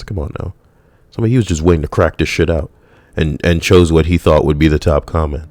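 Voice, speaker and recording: A man hosting a comedy video, reading out a funny list and making sarcastic, quick asides. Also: extremely low pitch, steady tone, darkish tone, dry recording. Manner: sarcastic, quick asides, laughs at own jokes.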